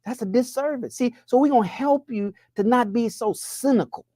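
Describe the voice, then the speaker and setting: A man's voice: normal speed, mellow, no echo, clean studio sound. A man, giving a motivational money talk in a preaching style, firing off rhetorical questions. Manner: preacher-like, rhetorical questions, pitch swings up when pressing a point. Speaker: money coach.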